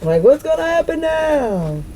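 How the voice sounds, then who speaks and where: A woman's voice: high voice, big pitch swings, measured pace, mellow, slight background noise, pitched above the performer's own voice, rough recording. A woman voicing frantic freeloaders who have lost their meal ticket, whiny and profane. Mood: panicked.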